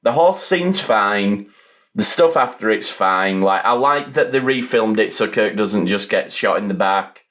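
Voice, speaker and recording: A man's voice: fairly low pitch, lively intonation, measured pace, fairly bright tone. Chatty man on a podcast. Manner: chatty, rambling, dry asides. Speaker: podcast roundtable host. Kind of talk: casual podcast chat.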